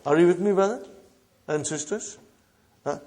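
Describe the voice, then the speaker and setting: A man teaching Arabic to a class, slowly repeating phrases and prompting the students with short questions. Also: sits high, expressive, darkish tone. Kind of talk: classroom lesson.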